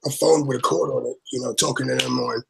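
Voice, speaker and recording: A man's voice: mid-range voice, steady tone, fast, gravelly, a little hiss or hum. A man co-hosting a podcast interview, agreeably chiming in with questions and asides. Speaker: co-host.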